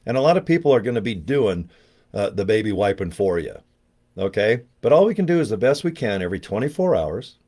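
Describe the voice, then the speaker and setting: A man's voice: lowish voice, big pitch swings, a little fast, warm tone. An older man talking in a casual, rambling vlog, joking and chatty with a self-deprecating streak. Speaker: network marketing promoter.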